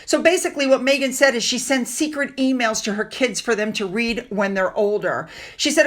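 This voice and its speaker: A woman with a high voice delivers an opinionated commentary monologue. She sounds sarcastic and indignant as she talks straight to her viewers. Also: a little fast, few pauses. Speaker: commentary channel host.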